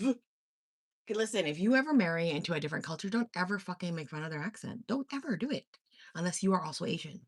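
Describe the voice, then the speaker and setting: Woman, from Korea, livestream host, blunt, swears freely, lower pitch with lively swings. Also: fast talker, slightly rough, dry recording, clean studio sound. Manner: blunt, profane, opinionated. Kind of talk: casual livestream chat reading comments.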